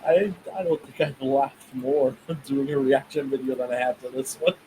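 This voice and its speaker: A man's voice: mid-range voice, fairly even intonation, mellow, slight background noise, poor audio. A man hosting a reaction video, laughing often and groaning at the cooking. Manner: laughs a lot, drawn-out dismayed remarks. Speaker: channel host reacting. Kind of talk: casual reaction commentary.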